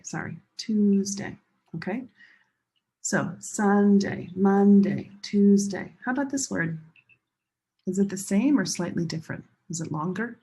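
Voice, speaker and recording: A woman teaching English pronunciation in a classroom lesson, slowly modeling each word and stressing syllables with care. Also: medium pitch, warm tone. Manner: slow, deliberate modeling of words with clear stress.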